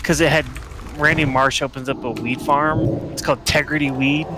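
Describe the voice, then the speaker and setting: A man's voice: medium pitch, steady tone, moderate pace, noisy background. A man hosting a casual gaming stream, talking in a laid-back way, swearing freely and laughing as he tells stories. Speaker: gaming channel host. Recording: faint game music behind.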